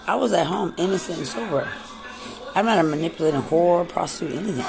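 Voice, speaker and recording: A woman goes on an angry personal rant, furious and accusing, repeating herself, cursing, and often yelling. Her voice is lowish and creaky, and she talks fast.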